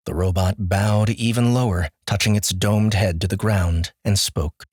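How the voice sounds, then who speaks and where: Low-voiced male audiobook narrator. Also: fairly even intonation, a little slow, hardly any pauses, a little mellow, no room sound, studio quality. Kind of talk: scripted narration.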